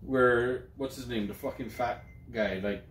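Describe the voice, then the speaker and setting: A man's voice: medium pitch, a little slow, fairly bright tone, reverberant, slight background noise. Joking, profane man. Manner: loose, profane, jokey, with many restarts. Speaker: podcast co-host. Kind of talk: casual chat.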